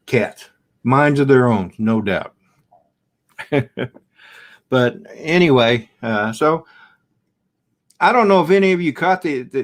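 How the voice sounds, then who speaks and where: A middle-aged man chatting on a live stream from his home camera, talking slowly and unhurriedly. He rambles from one thought to the next and stops to greet viewers and answer their comments. His voice sits at an ordinary middle pitch. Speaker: livestream host. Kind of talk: casual live-stream chat.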